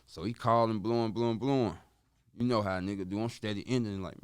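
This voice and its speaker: A man telling a story on a podcast in casual street slang, dropping in sound effects like woo and boom. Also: fast talker, clean tone. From Chicago. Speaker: podcast guest.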